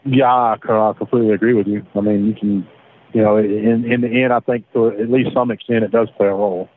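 A man, recounting his past in a halting way with repeated words, over the phone. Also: fairly low pitch, steady tone, a little hiss or hum. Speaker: interviewee, former defendant. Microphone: phone line. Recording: tinny phone line.

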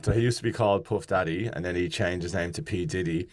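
A man's voice: low voice, quick pace, no echo. A man hosting a podcast interview, friendly and chatty as he asks questions. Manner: friendly and chatty, laughs easily. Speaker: podcast host.

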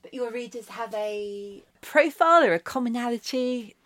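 A woman's voice: on the high side, moderate pace, a bit bright, no echo. A woman interviewer talking books with eager, enthusiastic questions. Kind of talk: conversational interview.

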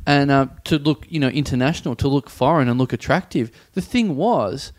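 A man co-hosting a casual podcast, telling an anecdote and throwing in quick jokes. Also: medium pitch, darkish tone. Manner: quick jokey interjections. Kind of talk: casual chat.

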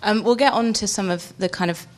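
A woman's voice: medium pitch, a little fast. A woman hosting a live podcast panel, chatty and laughing between her questions. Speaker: podcast host.

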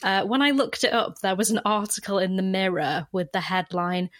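A woman's voice: mid-range voice, steady tone, normal speed. A woman co-hosting a podcast, recapping a film in wry, casual chat. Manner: chatty, wry, summarizing plot with dry jokes. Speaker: podcast co-host.

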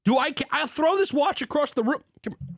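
Amped-up man with a lively, high voice. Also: brisk, vocal fry, slight background noise. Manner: hyped, swings between shouting and low asides; swears, mock preacher zeal. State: drinking beer while talking. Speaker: beer podcast host. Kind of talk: excited solo podcast monologue.

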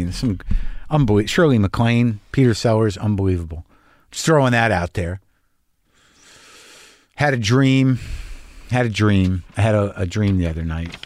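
A man's voice: on the low side, darkish tone, no room sound. A man hosting a podcast, talking in a rambling, profane, stop-and-start monologue. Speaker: podcast host. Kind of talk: casual monologue.

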